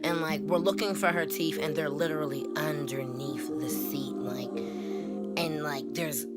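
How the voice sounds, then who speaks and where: A young woman vlogger from Pittsburgh telling wild driving stories in a casual, animated rant, saying "like" constantly and acting out the dialogue. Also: sits low, a little slow, loud music behind the voice. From Pittsburgh, USA. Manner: animated, heavy use of "like", acts out dialogue. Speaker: vlogger and rideshare driver.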